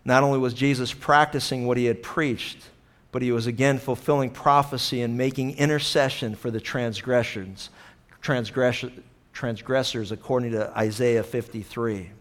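A man preaching a sermon, impassioned, swinging between loud acted-out quotes and hushed, earnest passages. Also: mid-range voice, fairly even intonation, moderate pace. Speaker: pastor.

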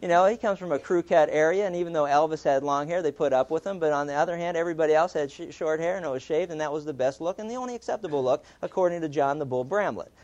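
A man with a fairly high voice preaches, telling a story in a relaxed, conversational way. He often reads quotes aloud. The recording sounds dull and lo-fi. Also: quick pace, few pauses. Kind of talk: sermon storytelling.

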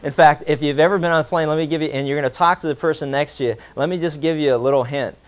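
A preacher telling an anecdote in a sermon, animated and voicing both sides of a conversation. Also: male voice, a little high, very fast, clear, resonant tone. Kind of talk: sermon storytelling.

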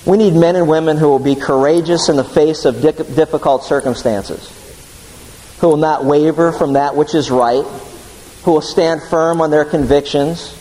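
A man delivers an earnest sermon, weaving in a story and acting out the lines of its characters. His voice sits a little high for a man. It rings with the long reverb of a large hall. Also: normal speed, warm tone. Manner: storytelling with voiced quotes, earnest, restarts words. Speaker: preacher.

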